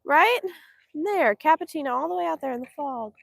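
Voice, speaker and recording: A high-pitched woman chats on a livestream, her voice bouncing up and down as she reads comments and coos at the animals. She is outdoors and speaks into a phone. The sound is close and dry. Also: animated, normal speed, creaky, dry recording. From Northeast Texas. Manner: chatty and affectionate, uses sing-song baby talk to animals. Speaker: livestream host. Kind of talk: casual livestream chat, reading viewer comments. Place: outdoors at a foggy cow pen.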